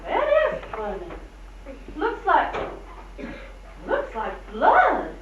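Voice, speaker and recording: An actress playing a brisk, no-nonsense woman keeping house in an old film. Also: very high-pitched, huge pitch swings, noisy background, heavily acted. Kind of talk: 1940s film acting. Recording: echoey, distant, dull old film soundtrack.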